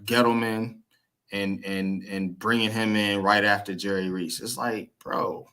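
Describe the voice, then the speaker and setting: A man's voice: lowish voice, steady tone, a little slow, sharp tone. A man hosting a casual sports chat, blunt and profane, repeating "man" as he talks.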